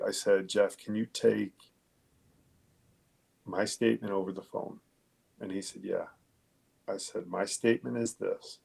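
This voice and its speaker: Gravelly low-voiced man, blunt and profane. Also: darkish tone. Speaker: police detective, podcast guest. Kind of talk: conversational interview storytelling.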